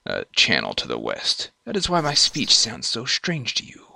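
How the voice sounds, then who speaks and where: A man's voice: mid-range voice, wildly swooping pitch, vocal fry, no echo, full character voice. Man doing a solemn old druid. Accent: put-on foreign accent, not his own. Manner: slow, solemn delivery with hushed, whispered drops. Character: weary old male druid, solemn and mysterious.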